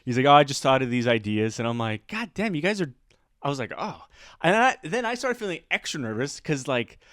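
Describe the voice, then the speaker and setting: A man talking on a podcast, telling a rambling story loaded with "like" and quick laughs. His voice sits at an ordinary pitch. It's recorded close and dry, with no room sound. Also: animated, a bit bright, clean tone, no echo. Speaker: podcast co-host, comedian. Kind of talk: casual chat.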